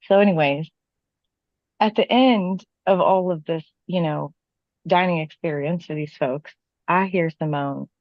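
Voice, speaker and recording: A woman in casual chat, telling a story with animated delivery and casual swearing. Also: fairly low pitch, unhurried, no room sound, muffled recording. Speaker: podcast co-host telling a work story.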